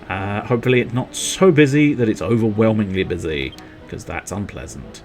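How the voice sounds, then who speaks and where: A man's voice: fairly low pitch, a little mellow, faint music behind. A young man streaming a video game, rambling, joking and reading game text aloud. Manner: rambling, jokey, slow-paced, drifts between reading game text and wordplay. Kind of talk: casual gameplay commentary.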